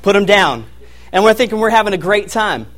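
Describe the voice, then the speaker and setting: A young man preaching a sermon, telling a family story in an animated way and laughing as he goes. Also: high voice, a little fast. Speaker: pastor.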